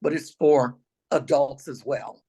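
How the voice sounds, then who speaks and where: An older woman with a raspy voice, a retired teacher telling travel stories as an interview guest, now and then clearing her throat. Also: very deep voice, fairly even intonation, slow, mellow, low-quality recording. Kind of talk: storytelling interview answers.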